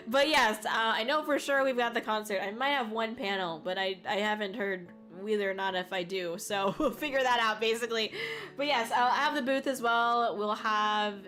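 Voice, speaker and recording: Casual woman streamer, mid pitch, quick giggles and swearing, faint music bed. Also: fairly bright tone. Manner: swearing, giggly, rambling, laughs often. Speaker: VTuber streamer. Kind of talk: casual live-stream chat reading viewer comments.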